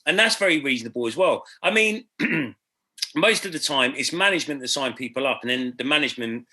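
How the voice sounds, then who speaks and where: A man in casual podcast chat, reasoning things through in a measured way. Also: mid-range voice, expressive, sharp tone. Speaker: podcast co-host.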